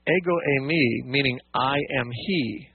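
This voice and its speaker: A man's voice: mid-range voice, unhurried, gravelly, husky, no echo. A man hosting a call-in radio show, patiently explaining scripture with frequent fillers and restarts. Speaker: radio Bible teacher and call-in host. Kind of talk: call-in radio Bible teaching. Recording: dry phone-like radio audio.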